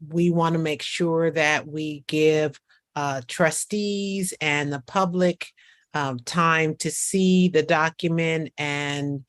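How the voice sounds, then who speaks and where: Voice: mid-range voice, fairly even intonation, fairly bright tone, no echo. A district official making a formal request at a school board meeting, speaking carefully with hesitations. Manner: measured, careful phrasing with uhs.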